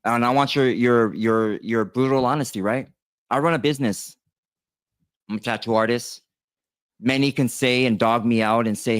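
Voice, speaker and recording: A man's voice: medium pitch, normal speed, smooth, no room sound. Man rambling through a personal story. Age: 30s. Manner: rambling, many fillers and restarts, addresses viewers directly. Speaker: tattoo artist telling his story. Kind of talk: casual storytelling monologue.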